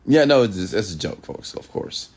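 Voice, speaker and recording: On a late-night live stream, a male host reads out viewer comments and responds, deliberately shifting his pace and tone and at times slowing to a measured, news-anchor style. His pitch is fairly low and swings widely.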